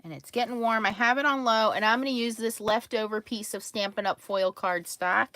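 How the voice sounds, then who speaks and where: This woman's fairly high voice sounds pushed and bright, moving a little fast, with no room sound at all. She runs a casual card-making livestream, laughing a lot and welcoming viewers by name.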